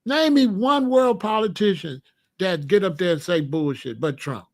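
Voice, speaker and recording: A man's voice: high voice, animated, moderate pace. Guy ranting bluntly at his viewers, casual commentary. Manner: blunt, emphatic, talks straight to viewers.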